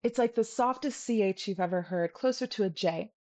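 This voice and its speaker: A woman teaching a video language lesson, patient and playful, repeating each sound slowly so the viewer can copy it. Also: medium pitch, darkish tone.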